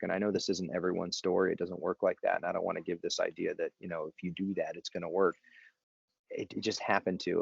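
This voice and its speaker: A man's voice: low-pitched, gravelly, no room sound. A man speaking as a podcast guest, telling a personal story in a candid, rambling way, full of fillers and restarts. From Los Angeles area. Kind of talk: storytelling in casual conversation. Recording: dry, dull lo-fi sound.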